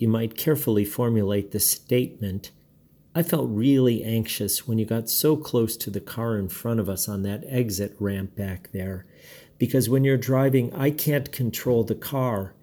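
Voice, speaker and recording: A man reading his blog post aloud, giving calm, measured advice and quoting imagined dialogue. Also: lowish voice, husky. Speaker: blog narrator.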